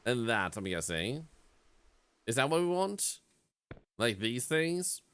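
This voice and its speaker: A man's voice: mid-range voice, very animated, slow, a bit bright, clear, resonant tone. A man streaming a game, casually chatting to his viewers and to the game's characters in a playful way. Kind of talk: casual gameplay commentary.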